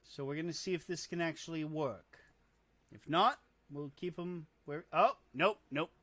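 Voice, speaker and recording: Slowly muttering his way through casual gameplay commentary, this gamer pokes fun at himself. His voice is male, sharp in tone, and fairly high-pitched.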